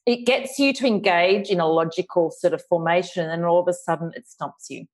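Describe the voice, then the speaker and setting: A woman's voice: lowish voice, brisk. A woman with an Australian accent and a slight lisp, speaking thoughtfully as an author guest in an interview. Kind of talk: reflective podcast interview.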